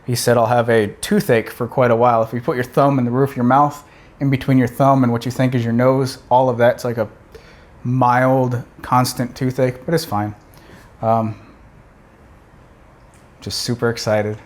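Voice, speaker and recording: A young man talking casually to camera in a vlog, excited and rambling with many restarts. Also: medium pitch, normal speed, pauses often. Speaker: vlogger.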